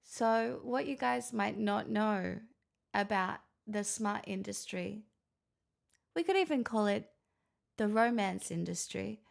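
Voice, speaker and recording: A sick woman streamer rambles to her chat in a casual, self-deprecating way. Her voice is gravelly with vocal fry, and she talks slowly. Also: mid-range voice. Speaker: live streamer.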